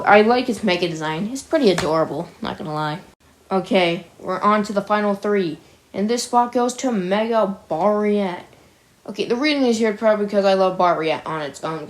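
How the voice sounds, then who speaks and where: Chatty young woman ranking game monsters. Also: on the low side. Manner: chatty, opinionated, laughs at own jokes. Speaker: gaming video creator. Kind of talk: casual ranking commentary.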